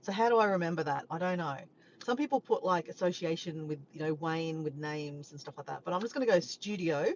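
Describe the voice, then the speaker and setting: A woman from Australia with an Australian accent, chatting casually and warmly with live viewers, sometimes breaking into bits of song. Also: sits low, a little fast. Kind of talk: casual live-stream chat. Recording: dull lo-fi sound with faint background noise.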